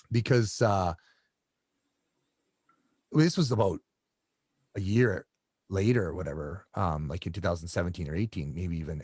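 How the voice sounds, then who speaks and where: A man's voice: on the low side, a little mellow, dry recording, clean studio sound. A man from Canada, a coach, telling his story as an interview guest in a rambling way with many restarts.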